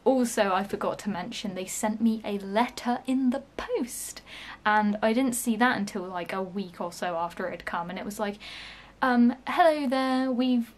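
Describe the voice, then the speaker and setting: A woman's voice: mid-range voice, normal speed. A woman vlogger telling a frustrating work story in a casual, sweary rant full of fillers and restarts.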